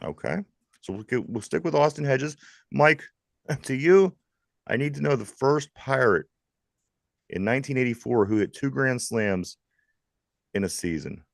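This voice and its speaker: A man with a Pittsburgh accent hosting a live sports talk show, lively and jokey, reading trivia questions to his co-hosts. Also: mid-range voice, unhurried, gravelly, pauses often, no echo. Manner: lively, jokey, laughs often. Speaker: host.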